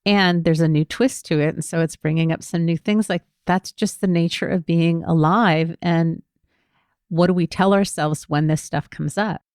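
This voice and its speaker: A woman's voice: on the low side, steady tone, moderate pace, a little mellow, clear, resonant tone, dry recording, clean studio sound. A woman podcast host and therapist talking in a reflective, easygoing way. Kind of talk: casual podcast conversation.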